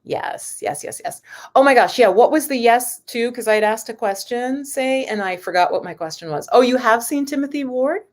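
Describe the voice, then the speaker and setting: A woman's voice: on the high side, fairly quick, hardly any pauses. Chatty woman hosting a live stream. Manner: chatty and rambling, talks straight to the viewers. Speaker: spiritual teacher and yoga host. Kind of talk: casual live-stream chat with viewers.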